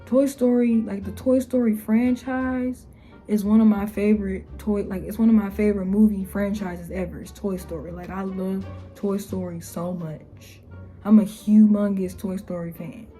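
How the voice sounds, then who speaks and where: A young woman ranting in a casual vlog, her voice mellow and soft-edged. She talks bluntly and with exasperation, full of slang, and jumps up into a higher voice to mock what others say. Faint music sits underneath. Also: fairly even intonation, moderate pace. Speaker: YouTuber.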